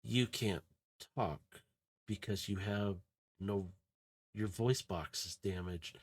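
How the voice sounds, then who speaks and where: A man voicing a confused young woman who questions a damaged robot quietly in a tabletop game. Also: lowish voice, takes it slowly. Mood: puzzled, soft. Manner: soft, puzzled questioning.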